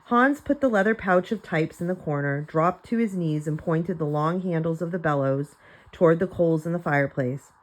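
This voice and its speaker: Woman reader, slightly low voice, plain storytelling for a class. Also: moderate pace, rough recording. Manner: plain storytelling with light character voices and small slips. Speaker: reader of a children's novel. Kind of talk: reading a chapter book aloud for students.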